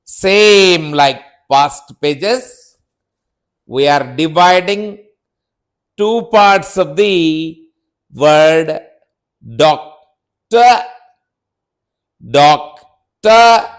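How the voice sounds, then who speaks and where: Male teacher with an Indian English accent, fairly high voice, very slow and deliberate, spells out words letter by letter for kids. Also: animated, clear, resonant tone. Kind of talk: spelling lesson for children.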